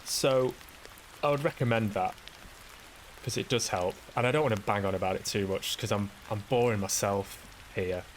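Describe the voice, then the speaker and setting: A man with a fairly low voice talks his way through a casual solo podcast monologue. He rambles with plenty of swearing and self-deprecation, and faint hiss sits underneath. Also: normal speed, poor audio. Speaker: podcast host.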